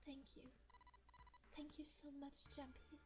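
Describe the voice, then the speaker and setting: A woman's voice: high-pitched, flat delivery, normal speed, close to an everyday voice. A woman voicing a terrified, hysterical young woman who shrieks and pleads in ragged cries. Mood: trembling, soft.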